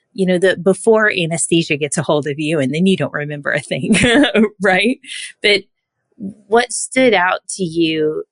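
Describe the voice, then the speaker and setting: A woman's voice: on the low side, dry recording. Chatty woman podcast host. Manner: chatty, lots of fillers, warm questions. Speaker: podcast host, surgical technologist. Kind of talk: conversational interview.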